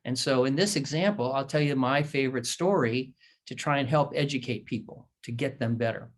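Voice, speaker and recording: A man's voice: mid-range voice, fairly quick. A man who is a surgeon, explaining diet to patients in an educational talk over a shared screen, repeating his points emphatically and telling folksy stories.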